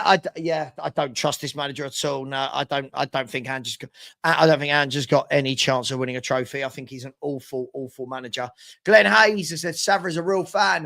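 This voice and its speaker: A young man with a noticeably high-pitched voice hosts a live football watchalong. He talks in a loose, chatty way, reading out viewer comments and answering them off the cuff. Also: vocal fry, a bit bright. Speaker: watchalong host. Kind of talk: casual live-stream chat.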